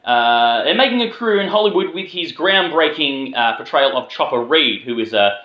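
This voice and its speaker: A man's voice: mid-range voice, lively intonation, moderate pace, reverberant, highs cut off. An Australian man giving a casual, rambling film review, with plenty of swearing and filler words. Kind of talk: casual spoken movie review.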